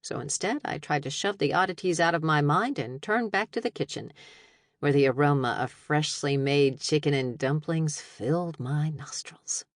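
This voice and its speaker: A woman narrating a first-person audiobook in an expressive, wry storytelling manner. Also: low voice, moderate pace, dry recording. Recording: dry studio narration.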